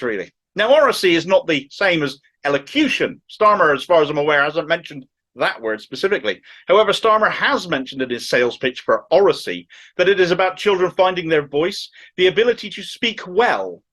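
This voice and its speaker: Middle-aged Cornish man, thick accent, pitched a bit high; opinionated video commentator with mocking, sarcastic asides. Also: fairly bright tone. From Cornwall. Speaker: political commentator. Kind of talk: opinionated political commentary to camera.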